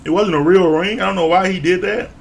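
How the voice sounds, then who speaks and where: A man with a slightly high voice, casually recapping a reality show episode. He tells it loosely, with slang, swearing and the occasional chuckle, drifting from one couple to the next. There is a faint hum of room noise behind him. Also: fairly even intonation, quick pace, gravelly. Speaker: reality TV reviewer.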